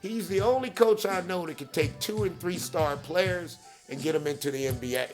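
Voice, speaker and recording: A man hosting a podcast who pitches hard, repeats catchphrases, keeps asking "okay?" and shouts out people by name. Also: moderate pace, soft background music. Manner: hype-driven, repeats catchphrases, peppers with "okay?". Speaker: podcast host. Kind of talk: promotional monologue.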